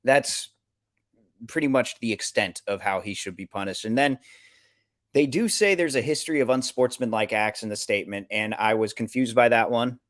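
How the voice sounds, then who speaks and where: A man's voice: mid-range voice, normal speed, dry recording, clean studio sound. A man co-hosting a casual sports podcast, telling stories with lots of fillers and laughter. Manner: laughs often, rambling storytelling with fillers. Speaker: podcast co-host.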